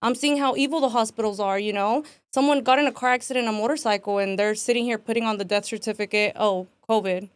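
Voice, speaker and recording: A woman in her twenties with a somewhat high voice tells her own story as a podcast guest. She talks casually, acts out what people said, and fills her speech with "like" and "man." The sound is dry and close. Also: quick pace, few pauses, clear, resonant tone, no room sound. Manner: animated, acts out quotes, frequent "like" and "man".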